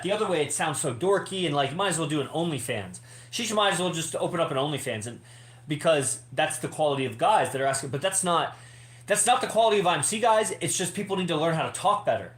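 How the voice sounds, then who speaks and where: A man's voice: fairly high pitch, lively intonation, quick pace, a bit bright. Emphatic man rambling in an echoey room. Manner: emphatic, rambling, swears freely. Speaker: podcast host. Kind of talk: casual monologue to members.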